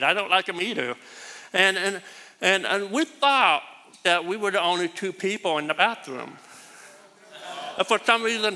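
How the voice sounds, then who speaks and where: A man's voice: high-pitched, pushed and bright. A middle-aged man giving a sermon built around a personal story, with a distinctive voice that he himself calls bad, rambling and repeating words as he goes. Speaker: preacher. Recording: long hall reverb.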